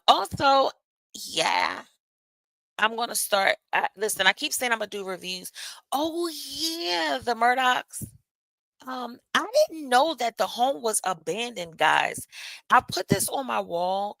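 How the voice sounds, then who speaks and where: A woman's voice: on the high side, vocal fry, bright, forceful tone, dry recording, poor audio. A woman hosting a live stream, chatting casually with viewers in a loose, profane way with laughing asides. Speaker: livestream host.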